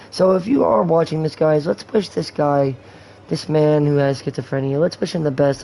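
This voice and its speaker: Gravelly rambling young man. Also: a little high, dark tone, a little hiss or hum, low-quality recording. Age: 20s. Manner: candid, profane, rambling. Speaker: gaming livestream host. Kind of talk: rambling casual chat.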